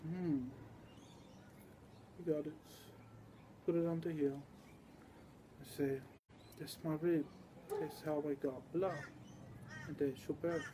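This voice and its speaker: A man's voice: a little high, steady tone, takes it slowly, long pauses, noisy background. A man giving a rambling, repetitive monologue, sometimes spelling words out letter by letter.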